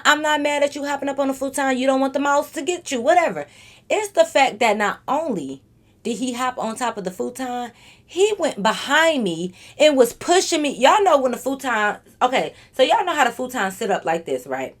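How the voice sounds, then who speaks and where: A woman vlogger telling a storytime monologue straight to her viewers, animated and freely cursing. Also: a little high, moderate pace.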